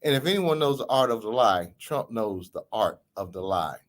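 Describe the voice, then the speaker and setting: A man's voice: expressive, normal speed. A man hosting a podcast and giving emphatic, theatrical political commentary. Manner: emphatic, theatrical delivery with big pitch swings. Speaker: podcast host.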